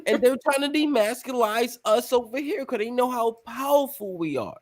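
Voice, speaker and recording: A man's voice: very high voice, animated, moderate pace. A man hosting a casual talk show, rambling and emphatic, cursing freely as he explains his views. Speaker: podcast host. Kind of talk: casual chat.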